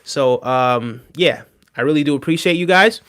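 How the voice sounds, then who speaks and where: A man hosts a casual live stream, talking straight to his viewers and answering their comments. His voice sits a little high, and he rambles with plenty of fillers and restarts. When he rants, he gets heated and insistent. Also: normal speed, a bit bright, clear, resonant tone. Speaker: livestream host.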